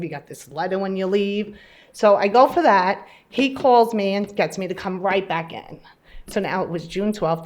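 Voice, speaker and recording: A nervous, chatty woman tells her personal story to a live audience, acting out the conversations as she goes. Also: medium pitch. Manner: chatty, animated storyteller who acts out dialogue. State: a little nervous. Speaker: patient speaking at an event.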